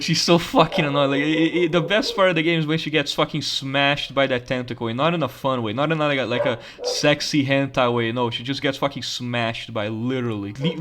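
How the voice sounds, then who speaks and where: Profane ranting man. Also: mid-range voice. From Brazil. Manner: profane, ranting, laughs often. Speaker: gaming channel host. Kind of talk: casual gameplay commentary.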